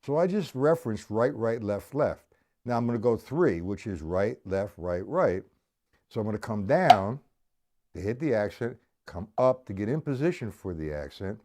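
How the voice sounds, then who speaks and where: Middle-aged man, lowish voice, live drum teacher, loose, self-correcting and apologetic. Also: darkish tone. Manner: apologetic, rambling, full of restarts; counts and explains stickings slowly. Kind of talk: live-streamed drum lesson.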